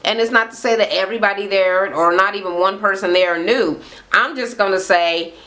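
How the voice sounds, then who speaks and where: A woman's voice: mid-range voice, normal speed, bright, forceful tone. Woman vlogger, blunt and profane, sarcastic recap rant with rhetorical questions.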